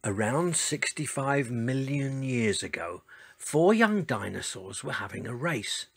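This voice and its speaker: A man reading a children's story aloud in a lively, expressive way, talking to a few listeners by name. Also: medium pitch, a little slow, creaky, husky.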